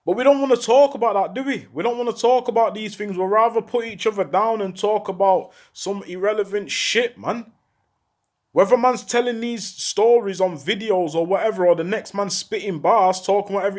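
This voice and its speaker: A former prisoner speaks out in an impassioned monologue to camera, his male voice high and urgent at a normal speed. He keeps repeating rhetorical questions and uses heavy street slang.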